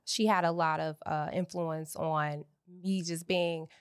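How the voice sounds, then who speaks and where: A woman's voice: low-pitched, fairly even intonation, slow pace, clean tone, no echo, clean studio sound. A woman entrepreneur speaking as a podcast guest, earnest and reflective, with many fillers. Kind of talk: casual podcast interview.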